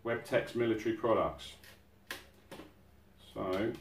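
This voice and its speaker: Man, casual unboxing chat, low voice, echoey room, mic set back. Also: fairly even intonation, slow pace, a little hiss or hum. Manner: chatty, easily amazed, exclaiming. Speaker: outdoors channel host. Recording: roomy sound from a distant mic.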